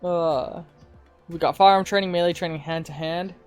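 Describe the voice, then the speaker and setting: A man's voice: on the high side, fairly even intonation, fast, clean tone, faint music behind. Rambling male game streamer. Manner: rambling, informal, swears. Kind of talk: casual live-stream game commentary.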